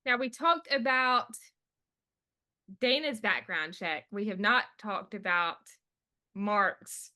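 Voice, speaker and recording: A woman's voice: mid-range voice, slow pace, pauses often, bright, forceful tone. A woman hosting a podcast, chatting enthusiastically as she recaps a movie. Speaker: podcast host. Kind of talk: casual chat.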